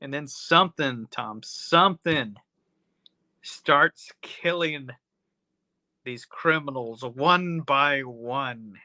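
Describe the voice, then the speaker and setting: A man's voice: medium pitch, extremely slow, pushed and bright, dry recording. A man hosting a podcast, recapping a movie in a rambling, profane, casual way full of "you know". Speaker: podcast host.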